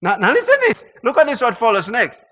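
A man preaching a sermon in an animated way, stammering through restarts and building to emphatic peaks. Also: very high voice, fast talker. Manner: animated, mimics mock prayer sounds and laughs. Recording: long hall reverb.

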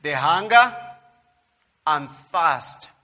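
A high, bright male voice preaching with fervor, dropping low and then rising to near shouts as he repeats his points. His words ring out with a long reverb, as if filling a large hall. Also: expressive, very slow. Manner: emphatic preaching, swings from quiet to loud, repeats phrases. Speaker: pastor. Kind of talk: sermon.

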